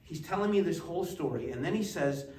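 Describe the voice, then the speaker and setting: Animated storytelling man in an echoey gallery. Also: fast. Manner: animated anecdotes, acts out voices with big pitch jumps. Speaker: art collector giving a gallery talk. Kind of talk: casual storytelling talk. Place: museum gallery. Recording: echoey gallery, distant mic, faint hiss.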